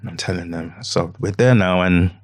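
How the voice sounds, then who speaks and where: A man with a very low, deep voice tells a painful story from his own life. He speaks haltingly, repeating phrases and quoting what he said back then. He often sinks into a hushed, near-whisper tone. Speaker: podcast guest. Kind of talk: emotional personal account.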